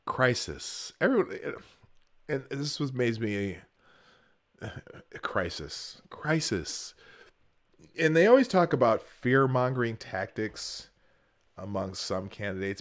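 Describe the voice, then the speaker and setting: A man hosting a live stream, commenting sarcastically on a political speech and rambling with many restarts and fillers. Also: mid-range voice. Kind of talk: casual commentary.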